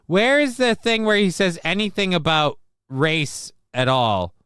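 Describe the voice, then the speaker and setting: Male podcast host, high-pitched, dry close sound, furious sarcastic political rant. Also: lively intonation, unhurried, fairly bright tone, clean tone, no echo. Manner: angry, profane, sarcastic ranting.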